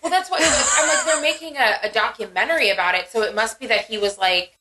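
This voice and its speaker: A young woman co-hosting a podcast in casual chat, talking in a chatty, animated way with lots of fillers. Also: a little high, quick pace, background noise. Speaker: podcast co-host.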